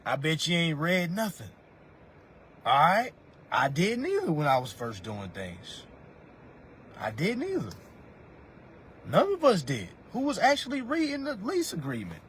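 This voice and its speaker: Unhurried and prone to long pauses, this livestreamer in his thirties dispenses money advice over a phone mic, preachy and profane, addressing viewers as family. His fairly high pitch swoops wildly, and the voice is a bit bright with a breathy edge.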